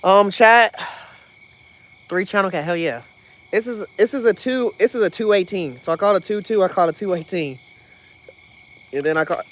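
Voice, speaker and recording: A man chatting excitedly to a live-stream chat while fishing, swearing freely and out of breath. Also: high-pitched, moderate pace, pauses often. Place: outdoors on a dock at night.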